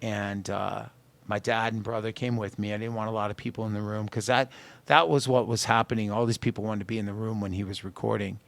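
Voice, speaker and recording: In a fairly low, gravelly voice, a singer-songwriter guest talks briskly through personal stories during a radio studio interview. He animatedly acts out the quoted dialogue of the people in them, with no room sound.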